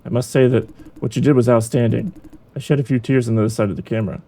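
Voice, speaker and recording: A man voicing a calm, encouraging male supervisor in a game, speaking in a measured way. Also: mid-range voice, close to an everyday voice. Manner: measured, reassuring. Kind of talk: reading a game's dialogue aloud.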